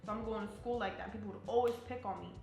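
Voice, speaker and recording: Fast-talking with a gravelly yet slightly mellow medium-pitched voice, an army soldier from New Jersey, young, blunt, and profane, shares personal stories in an interview. Faint music plays, and the room has a noticeable echo.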